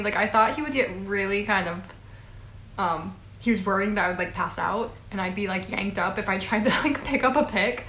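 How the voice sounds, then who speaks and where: A woman's voice: medium pitch, a bit bright. A young woman in her twenties telling a long story casually, rambling with fillers and little laughs. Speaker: vlogger. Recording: echoey room.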